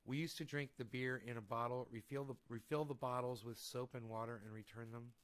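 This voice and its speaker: A man's voice: medium pitch, fairly even intonation, fairly quick. A man chatting casually on a home stream, rambling and swearing, growing heated when he rants. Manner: rambling, profane, heated ranting. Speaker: vlogger. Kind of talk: casual live-stream chat. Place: home room with a desk. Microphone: desk microphone.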